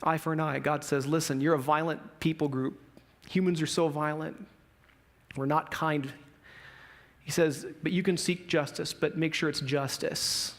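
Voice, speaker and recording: Animated high-voiced male pastor. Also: normal speed. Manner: casual, animated storyteller acting out quotes. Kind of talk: sermon with storytelling. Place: church.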